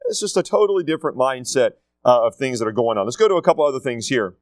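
Talking fast with few pauses, a middle-aged school leader uses a mid-range, lively voice in a casual, emphatic address to students. He repeats key phrases and acts out quotes, and there's no room sound.

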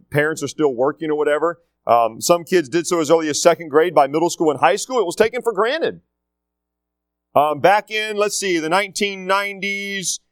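A middle-aged school leader with a slightly high voice gives students a casual but emphatic talk, repeating key phrases and acting out quotes. The recording has no room sound.

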